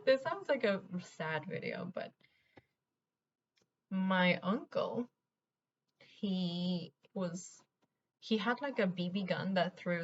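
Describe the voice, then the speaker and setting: A young woman from Venezuela talks candidly to camera while getting ready, wandering from one childhood memory to the next and often laughing through the rough parts. Her voice sits in a middle pitch. The home recording sounds a bit dull, with a faint hiss behind her. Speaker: vlogger. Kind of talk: get-ready-with-me chat while doing makeup.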